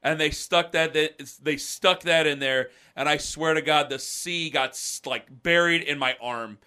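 Animated storytelling man, bright voice. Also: a little high, measured pace, clean tone. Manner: animated, acts out voices of people in his story. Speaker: podcast co-host. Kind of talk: casual storytelling.

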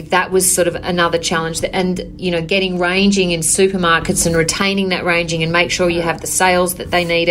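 A woman, a business owner answering interview questions in an earnest, measured way, often saying "you know". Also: on the low side, fairly bright tone, slight background noise.

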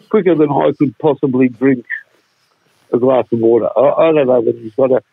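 Aussie bloke joking over a phone line, tinny and husky, fairly high voice. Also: male voice, dry recording. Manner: joking, drawn-out storytelling. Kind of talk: casual radio banter.

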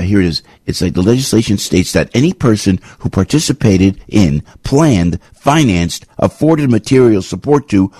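Deep husky man hosting talk radio. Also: mellow, no echo, clean studio sound. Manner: rambling and indignant, with many restarts. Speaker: radio show host.

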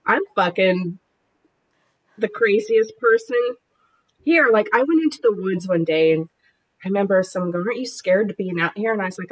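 A woman's voice: mid-range voice, moderate pace, slightly rough, poor audio. A woman in her forties, a podcast guest, telling combative stories in a brash, profane way. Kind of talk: casual chat.

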